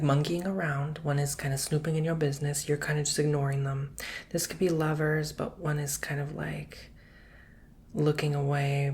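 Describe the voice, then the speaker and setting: A man with a slightly high voice gives a soft-spoken ASMR reading of tarot cards and coffee cups. He's chatty and rambling, drops casual slang, and adds whispered asides.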